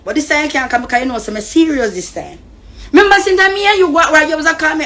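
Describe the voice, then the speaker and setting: A woman's voice: high voice, animated, quick pace, a bit bright. A woman from Costa Rica with a Jamaican Patois accent, ranting heatedly and profanely on a live stream. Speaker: social media personality.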